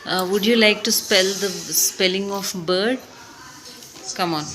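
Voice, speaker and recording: A woman's voice: medium pitch, slow, fairly bright tone, faint music behind. A woman teacher giving a one-on-one spelling lesson, patient and coaxing, full of encouragement.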